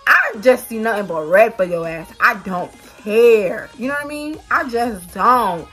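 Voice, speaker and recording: A woman vlogger telling a storytime to her viewers, animated and swearing freely. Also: a little high, measured pace, faint music behind. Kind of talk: storytime vlog.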